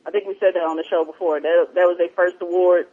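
A man hosting an online radio show, telling a story in casual, animated, profane chat. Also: sits high, fast talker, husky. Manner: animated, profane, laughs while telling stories. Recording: dull lo-fi online radio stream.

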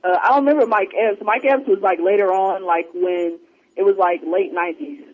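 A man on a podcast in casual chat, telling stories with lots of energy and acting out what people said. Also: brisk. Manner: animated storyteller, acts out quotes in a higher voice. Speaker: podcast co-host. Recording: dull lo-fi sound.

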